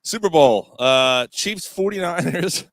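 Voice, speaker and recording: A man's voice: a little high, animated, takes it slowly, no echo. A man co-hosting a casual sports podcast, talking in a profane, rambling, opinionated way. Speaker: podcast co-host.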